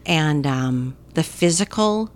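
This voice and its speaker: A woman's voice: sits low, lively intonation, takes it slowly. A woman co-hosting a casual movie chat, talking enthusiastically with many fillers. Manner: chatty, filler-heavy, enthusiastic. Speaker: movie talk co-host.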